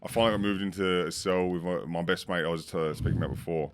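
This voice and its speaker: An Australian man on a podcast as a guest, telling stories in casual chat, swearing freely and getting loud and laughing as a story builds, recorded in a pub. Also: deep voice, steady tone, quick pace, clean tone.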